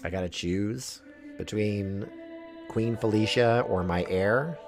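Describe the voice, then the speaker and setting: A man's voice: lowish voice, slow pace. A man streaming a game, reading its text aloud and commenting with playful laughter. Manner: animated, laughing often, playful. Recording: music playing behind the voice.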